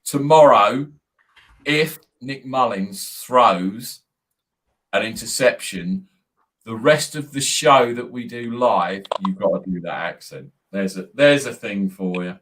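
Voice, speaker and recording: A man's voice: on the low side, slow pace, a bit bright. A man hosting a casual sports podcast, blunt, sweary and teasing. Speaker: host.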